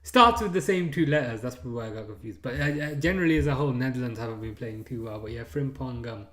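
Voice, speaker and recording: A man's voice: medium pitch, fast, echoey room. A man hosting a live stream, chatting casually through a match, reading out viewer comments and trailing off into frequent fillers. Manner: relaxed, hesitant with many fillers; reads out and answers viewer chat.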